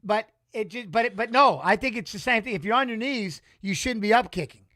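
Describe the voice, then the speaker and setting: High, bright-voiced man rambling fight talk. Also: brisk. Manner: rambling, emotional, salty. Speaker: watch-along commentator. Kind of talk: casual live fight commentary.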